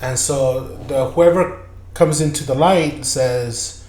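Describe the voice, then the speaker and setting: A man's voice: mid-range voice, takes it slowly, darkish tone, reverberant. A man hosting a podcast, telling a strange story in loose, profane, repetitive casual chat. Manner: loose, profane, repeats himself. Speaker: podcast host.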